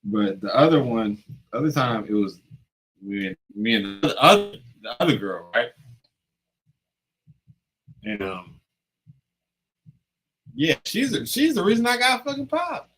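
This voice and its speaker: A man's voice: mid-range voice, measured pace, pauses often, slightly rough, rough recording. A young man on a podcast, casually telling a profane story and acting out the dialogue. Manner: animated, profane, acts out dialogue.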